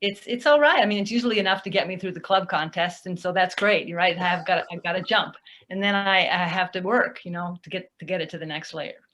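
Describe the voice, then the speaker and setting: A woman's voice: fairly low pitch, a little fast, hardly any pauses, a bit bright. A woman on a panel, talking in a conversational, slightly hesitant way. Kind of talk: casual panel discussion.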